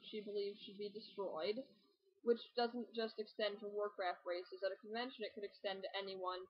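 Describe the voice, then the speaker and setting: Una joven que da consejos de cosplay en tono informal, charlatana y bromista, con divagaciones. Su voz tiene un tono medio. La grabación suena apagada, como de una webcam casera. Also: female voice, mid-range voice, steady tone, moderate pace, slightly rough, highs cut off. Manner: chatty, joking, rambling asides. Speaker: cosplay vlogger. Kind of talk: casual tutorial talk.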